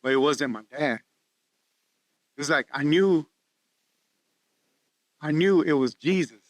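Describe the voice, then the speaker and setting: A man telling a personal testimony in conversation, halting and earnest, often repeating words. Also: a little high, dry recording. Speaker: guest sharing testimony. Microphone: podcast studio mic.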